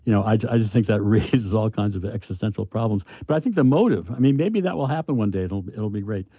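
Older man, low voice, halting and reflective, dull lo-fi dry recording. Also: expressive, slightly rough, no room sound. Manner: halting, thoughtful, with many restarts. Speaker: author. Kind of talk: reflective interview answers.

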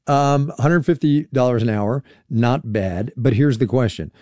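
A man hosting a radio interview, speaking in a measured way with small restarts. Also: mid-range voice, warm tone, no echo. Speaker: radio show host. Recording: dry studio sound.

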